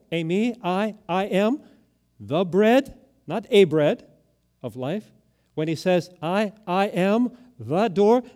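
Older guy pastor giving a sermon, pretty high voice, gets loud and dramatic then drops low. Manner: emphatic, dramatic swings in pitch and volume.

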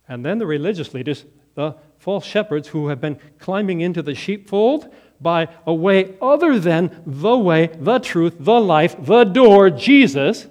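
Pastor, male, higher voice, very animated delivery, dramatic hushed and loud turns. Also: measured pace. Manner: emphatic, dramatic shifts between loud and hushed. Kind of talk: sermon.

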